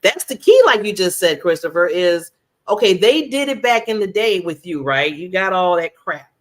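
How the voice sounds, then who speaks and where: A woman's voice: fairly low pitch, animated, moderate pace. A woman in her fifties, a talk show host, chatting openly and laughing often with her guest. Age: 50s. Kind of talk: casual interview chat.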